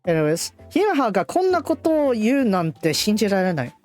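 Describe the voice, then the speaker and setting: A woman streamer reading and translating a visual novel live in a playful, animated way. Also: medium pitch, very fast, soft background music. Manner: playful, animated, laughs often.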